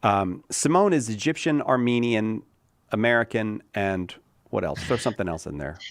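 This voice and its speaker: A man's voice: fairly low pitch, lively intonation, moderate pace, no room sound, clean studio sound. A man hosting a call-in radio show, chatty, laughing often and trailing off mid-sentence. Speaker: radio host. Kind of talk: casual radio talk.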